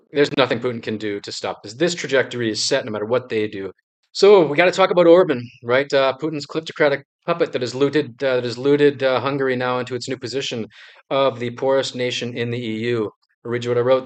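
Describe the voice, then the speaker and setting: A man talking straight to the camera in casual political commentary, at a middle pitch for a man. His delivery is loose and sarcastic, full of ums and restarts, and he talks as if he is chatting with regular viewers. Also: fairly even intonation, fairly quick. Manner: conversational and sarcastic, with many fillers and restarts. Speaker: video commentator. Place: in Ukraine.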